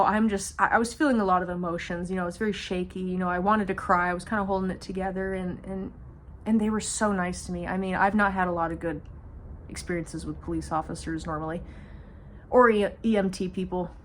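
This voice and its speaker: A woman's voice: medium pitch, steady tone, a little fast, slight background noise. Woman telling a story with nervous humor. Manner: slips in humor and nervous laughs while telling a hard story; rambling, many fillers and restarts. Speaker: vlogger. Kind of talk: casual storytime monologue.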